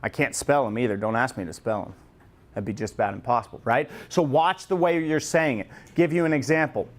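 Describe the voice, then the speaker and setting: A man leading a staff training session in a room with a group, lively and joking, acting out customer lines as examples. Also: medium pitch, a little fast. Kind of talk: classroom training talk.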